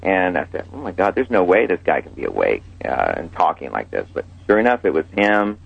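A man, an emergency room doctor, telling a story in an interview, halting with many fillers and restarts. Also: low voice, wildly swooping pitch, vocal fry, slightly rough, dull audio.

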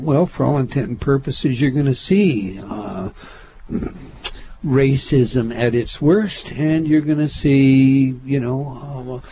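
A man's voice: medium pitch, mellow, a little hiss or hum, low-quality recording. A man interviewing a guest, asking long, thoughtful, meandering questions.

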